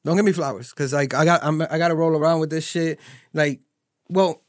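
A man in casual podcast chat, his voice sitting a touch high for a man. He jokes around in loose slang and throws in quick voices. The sound is dry and close, with no room echo. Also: steady tone. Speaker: podcast co-host.

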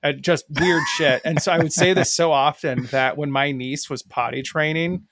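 A man's voice: fairly high pitch, fairly even intonation, normal speed, a bit bright. A man co-hosting a podcast, chatting loosely and telling rambling stories full of filler words. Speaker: podcast co-host. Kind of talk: casual chat.

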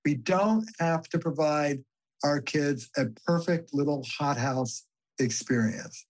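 A man's voice: fairly high pitch, slow pace, low-quality recording. Emphatic storytelling older male therapist. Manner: animated, emphatic storyteller who swears casually. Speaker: guest family therapist. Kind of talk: conversational podcast interview.

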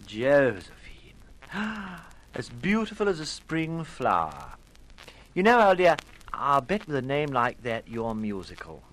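A man's voice: medium pitch, wildly swooping pitch, slow pace, fairly bright tone, exaggerated voice, rough recording. An actor playing a foppish, cheerful upper-class English airman who dithers and chatters in 1950s radio drama. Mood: charming. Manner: chirpy, dithering, full of upper-class slang.

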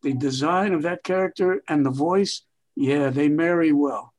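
An older man, a veteran TV writer, telling stories in an interview with expansive, emphatic, drawn-out phrasing. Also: fairly high pitch, a little mellow. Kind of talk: reflective interview storytelling.

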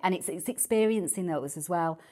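A woman, a guest chatting on a podcast about early years teaching, animated and often repeating words as she starts a thought. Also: lowish voice, brisk. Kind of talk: casual podcast chat.

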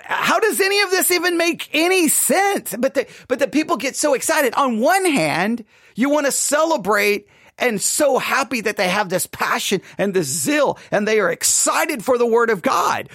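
A man's voice: extremely high pitch, fairly bright tone, dry recording, studio quality. A man reviewing a sermon in critical commentary, perplexed and questioning, often stammering as he restarts his thoughts. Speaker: podcast host reviewing a sermon.

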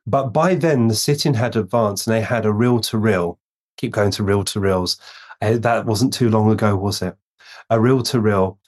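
A man's voice: fairly low pitch, darkish tone. A man telling a long personal story in an interview, taking his time and lifting his voice to act out the people he quotes. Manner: slow, unhurried storytelling, acting out quoted voices. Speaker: guest medium telling a story.

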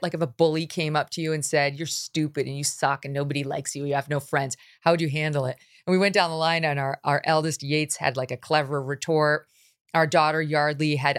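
A middle-aged woman hosting a talk show, blunt and animated, quick to laugh. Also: low-pitched. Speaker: host.

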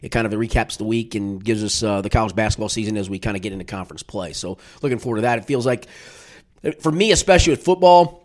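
Fast-talking middle-aged male podcast host. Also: fairly low pitch. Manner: animated, quick, joking. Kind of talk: casual sports chat.

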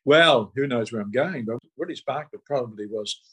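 An older man, telling stories at a rambling pace as an interview guest, pausing on fillers. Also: medium pitch, a bit bright, husky, low-quality recording. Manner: rambling storytelling with hesitant fillers. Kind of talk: relaxed conversational interview.

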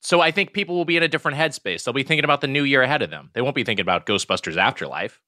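A man's voice: mid-range voice, racing, bright, forceful tone, no echo, studio quality. A man hosting a podcast, reading a scripted intro and then bantering teasingly with his co-host. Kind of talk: scripted narration then casual chat.

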